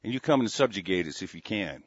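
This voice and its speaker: A man's voice: on the low side, lively intonation, fast, slightly rough, no room sound. A man in an angry, profane rant, talking in heated bursts with stammering restarts. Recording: dull lo-fi dry recording.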